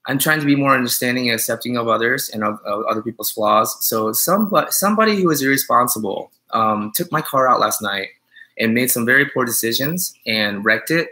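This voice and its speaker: A man's voice: medium pitch, pushed and bright. A man who is a dog groomer, chatting on a live stream, joking and teasing viewers as he rambles with many fillers.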